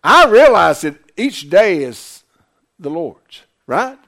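A man's voice: high-pitched, very animated, slow, gravelly, a bit bright. A man preaching a sermon, emphatic, firing questions at the congregation. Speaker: pastor.

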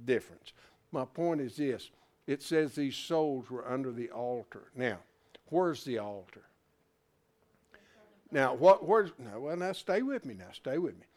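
A man's voice: medium pitch, lively intonation, a little slow, long pauses, a little mellow. A man teaching scripture to a class in a folksy, interactive sermon style, asking questions and joking along the way. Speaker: Bible study teacher.

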